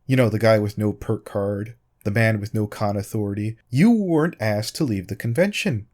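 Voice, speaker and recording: A man's voice: lowish voice, normal speed, a little mellow. Sarcastic, pointed male commentator. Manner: sarcastic, pointed, repeatedly addressing his target by name. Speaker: YouTube commentator responding to a critic.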